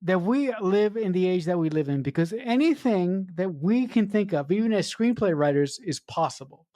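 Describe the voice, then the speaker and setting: A woman's voice: on the low side, animated, normal speed, dark tone, no echo, clean studio sound. A woman co-hosting a podcast, giving blunt, casual opinions about a film and swearing freely. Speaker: podcast co-host. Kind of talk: casual film review chat.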